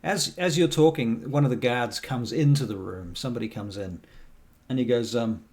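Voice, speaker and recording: A man narrating as game master of a tabletop role-play in a quick, casual way. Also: mid-range voice, darkish tone.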